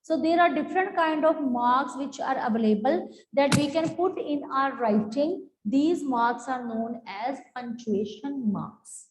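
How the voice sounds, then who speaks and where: Woman teacher, high voice, unhurried explanatory delivery, echoey hall-like sound. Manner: slow, explanatory, drawn-out words. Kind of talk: online class teaching.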